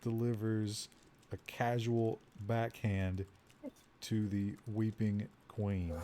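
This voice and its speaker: A man's voice: lowish voice, flat delivery, slow pace, mellow, slight background noise. A man co-hosting a game stream, dictating his typed moves and saying the punctuation aloud. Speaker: co-host. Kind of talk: playing a text adventure game.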